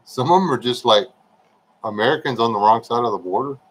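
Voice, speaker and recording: A relaxed man talks easily and casually at an everyday middle pitch. He hosts a live stream, joking with his viewers and calling them by name. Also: brisk, husky, poor audio. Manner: laid-back, joking, chatting to viewers by name. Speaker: livestream host. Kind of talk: casual livestream chat with viewers.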